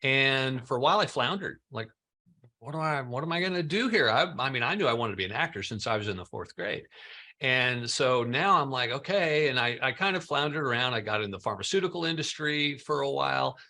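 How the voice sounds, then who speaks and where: A man's voice: medium pitch, expressive, brisk, creaky, bright, forceful tone. A middle-aged man, a guest on a podcast, telling his career story in a chatty, self-deprecating way. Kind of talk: casual interview chat.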